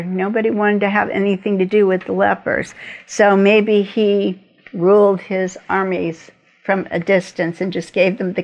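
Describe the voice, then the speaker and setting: A woman retelling a Bible story as a teacher, with lively, chatty asides. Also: medium pitch.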